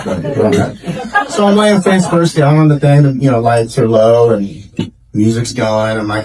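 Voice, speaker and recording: A man's voice: medium pitch, unhurried. A man doing a stand-up comedy set on a club stage, telling stories in a laid-back, rambling way with lots of fillers. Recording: distant mic, loud audience laughter. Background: audience laughing.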